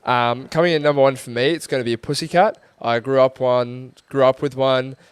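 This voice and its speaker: A man's voice: mid-range voice, steady tone, a little fast, smooth, no room sound. Easygoing young man, dry sound. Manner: easygoing, joking, swears casually. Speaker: podcast co-host. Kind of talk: casual chat.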